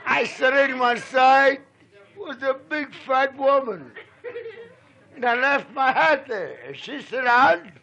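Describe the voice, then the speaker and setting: A man's voice: extremely high pitch, lively intonation, slow, vocal fry, pushed and bright, dull audio. An older man at a party telling a rambling, humorous story in a folksy way, recorded on a 1960s home tape with chatter behind. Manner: folksy, keeps exclaiming "oh, boy". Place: house party after a wedding.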